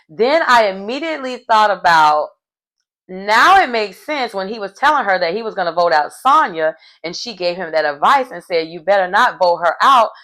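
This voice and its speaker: A woman's voice: mid-range voice, a bit bright. A woman giving casual recap commentary on a reality TV episode, chatty and slangy with wry asides.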